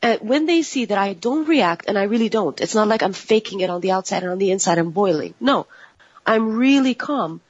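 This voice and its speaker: A woman in a casual group discussion, talking in an expressive, intense way with frequent restarts. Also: medium pitch, a little fast, slightly rough, no room sound. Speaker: panel co-host. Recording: dull lo-fi audio.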